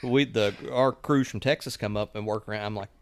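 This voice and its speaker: A man's voice: fairly low pitch, fairly even intonation, fairly quick, a little hiss or hum. Easygoing Kentucky man co-hosting. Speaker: podcast co-host. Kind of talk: casual chat.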